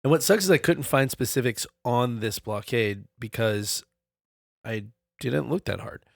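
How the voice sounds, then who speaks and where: A man's voice: medium pitch, unhurried, gravelly, dry recording, clean studio sound. A man co-hosting a casual comedy history podcast, telling the story in a loose, profane, laughing way.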